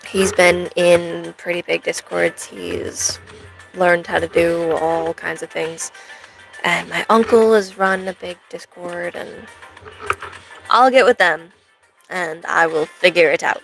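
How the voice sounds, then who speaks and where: A woman's voice: lowish voice, vocal fry, fairly bright tone, rough recording. A young American woman live streaming, chatting in a rambling way to her viewers. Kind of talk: casual chat to a live stream audience.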